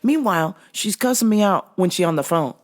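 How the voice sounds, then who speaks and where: A woman in her forties telling a story in a casual rant, profane, animated and exasperated. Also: on the low side, fairly quick. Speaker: show host recounting her store job.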